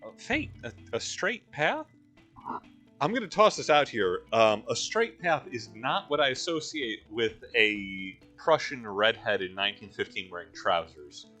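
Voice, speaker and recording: A man's voice: fairly low pitch, lively intonation, moderate pace, hardly any pauses, sharp tone, soft background music. A man hosting a let's play, giving casual gameplay commentary with wry, joking asides.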